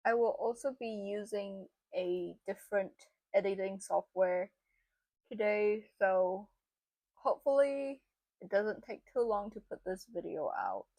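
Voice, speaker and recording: A woman's voice: mid-range voice, measured pace, darkish tone, dry recording. A young woman narrating a makeup tutorial in a chatty, casual way, with lots of fillers. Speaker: beauty vlogger.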